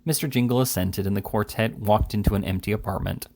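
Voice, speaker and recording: A man reading a classic novel aloud in a steady, plain narration. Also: fairly low pitch, fast talker, creaky. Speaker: reader. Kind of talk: audiobook reading.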